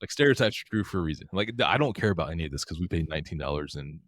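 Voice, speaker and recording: Podcast co-host, middle-aged man, low voice, quick animated storyteller, dry close mic. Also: no echo. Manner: animated, laughing, acts out quotes. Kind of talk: casual storytelling chat.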